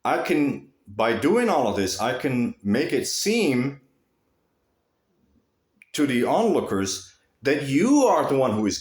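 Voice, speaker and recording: Speaking straight to his viewers in a roomy-sounding space, a man with a mid-range voice delivers a casual, profane monologue to camera. He rambles, restarts his sentences often and swings animatedly from one mood to the next.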